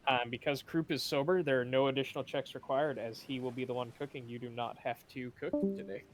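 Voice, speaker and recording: A man narrating as game master of a tabletop game, relaxed and easy to laugh. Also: mid-range voice, brisk, soft background music. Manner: relaxed, laughs easily, calls for dice checks.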